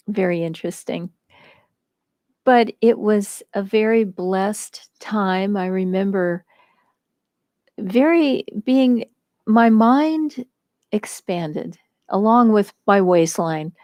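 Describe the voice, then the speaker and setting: An American woman telling a personal story at a devotional gathering, slow and reflective, with light laughter. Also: mid-range voice, a little mellow, dry recording. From United States.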